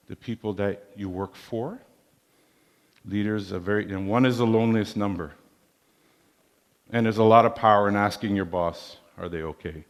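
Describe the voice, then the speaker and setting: Low-voiced man giving a leadership keynote. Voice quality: measured, preacherly, uses proverbs. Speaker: keynote speaker. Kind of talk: motivational leadership talk. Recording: long hall reverb.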